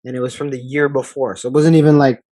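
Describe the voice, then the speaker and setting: A man's voice: medium pitch, level tone, fast talker, mellow, no echo. A man hosting a casual podcast interview, a fighter himself, telling stories in a blunt, laid-back way with plenty of swearing. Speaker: podcast host and MMA fighter.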